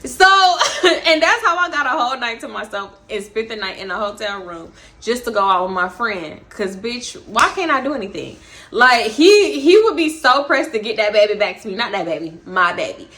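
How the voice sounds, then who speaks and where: A young woman tells a story in an animated, brash, profane style. Her voice is bright and forceful and sits a little high. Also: normal speed. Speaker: vlogger. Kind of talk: storytime vlog.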